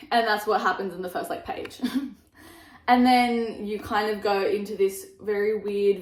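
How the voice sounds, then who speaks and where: A young woman reviewing her favourite books in a casual vlog, gushing and animated, laughing often. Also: mid-range voice. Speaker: book vlogger. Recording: echoey room.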